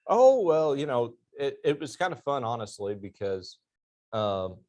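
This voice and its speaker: A man's voice: mid-range voice, big pitch swings, a little slow, mellow. A middle-aged man, an army veteran and interview guest, telling stories animatedly and laughing at his own punchlines. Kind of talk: storytelling in a church class interview.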